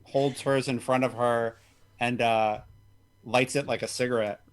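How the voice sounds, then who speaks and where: A man playing a tabletop game, casual and deadpan. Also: medium pitch, unhurried. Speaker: player.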